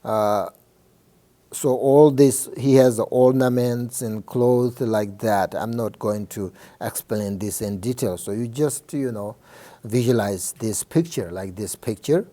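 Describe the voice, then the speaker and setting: Slow, soft-toned Buddhist teacher, a man. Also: mid-range voice. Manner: halting, many fillers and restarts; checks in with listeners often. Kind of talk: informal dharma teaching.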